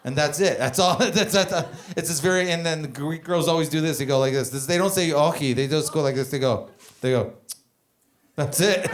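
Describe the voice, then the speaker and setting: A man's voice: on the high side, background noise. A man from Canada doing a stand-up comedy set, telling rambling, profane stories on a club stage. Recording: comedy club with audience laughter.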